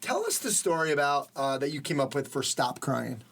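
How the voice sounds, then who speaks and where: A man's voice: a little high, sing-song, normal speed, a bit bright. A man hosting a podcast interview, talking in a conversational way with lots of "you know" fillers. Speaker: podcast host. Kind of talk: casual interview chat.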